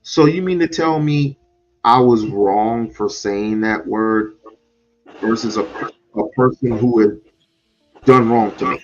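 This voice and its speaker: A man hosting a talk show, speaking in a halting way with many restarts. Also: medium pitch, dull audio, faint music behind. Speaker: host. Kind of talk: casual chat.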